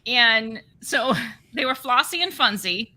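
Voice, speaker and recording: A woman chatting casually on a podcast, telling stories with laughter and loud impressions. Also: on the high side, takes it slowly, low-quality recording. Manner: animated, laughing storyteller doing loud impressions.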